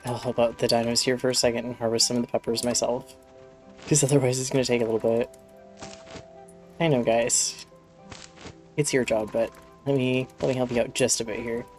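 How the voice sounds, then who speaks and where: A chatty streamer rambles through a live game session in a middle-pitched voice, stopping to talk fondly to a pet cat. Light game music plays faintly underneath. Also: flat delivery, brisk, long pauses, a little mellow.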